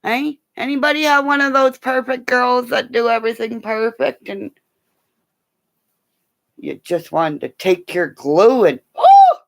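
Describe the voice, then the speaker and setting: A middle-aged woman chatting casually with her live viewers, excitable, gasping and laughing often. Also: on the high side, measured pace, gravelly, long pauses. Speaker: livestream host. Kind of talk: casual live-chat stream.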